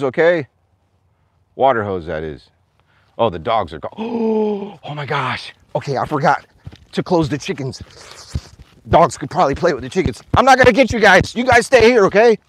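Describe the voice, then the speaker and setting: Farm vlogger, male, animated and chatty outdoors, a very lively pitch, dry close sound, slightly winded. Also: dry recording. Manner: chatty and animated, calling to his animals in a high voice. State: out of breath. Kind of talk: casual livestream vlog.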